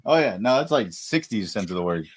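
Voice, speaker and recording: A man's voice: lowish voice, big pitch swings, a little fast, husky, dry recording. A man co-hosting a podcast, chatting casually with rambling, profane jokes. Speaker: podcast co-host. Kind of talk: casual comedic chat.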